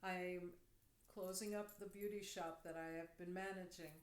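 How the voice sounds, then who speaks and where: A woman guest on a podcast telling a personal story in a vivid, animated way during casual chat. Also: on the low side, normal speed. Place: room. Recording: roomy echo.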